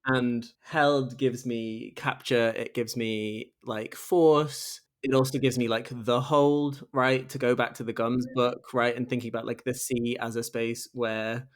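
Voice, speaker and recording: A man's voice: medium pitch, flat delivery, unhurried, few pauses. A man hosts a book podcast and goes through a poem line by line. He sounds enthusiastic and casual. He keeps checking in with "right?" as he talks. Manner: enthusiastic, says "like" and "right?" a lot. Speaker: podcast host. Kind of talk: close reading in casual conversation.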